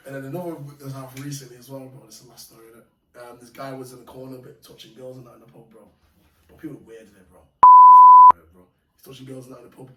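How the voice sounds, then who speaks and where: A man casually telling animated, slangy stories of fights and bouncer work, laughing often. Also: medium pitch, very fast, phone-quality sound. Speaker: podcast guest. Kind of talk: casual storytelling. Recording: echoey room, mic far off, faint noise.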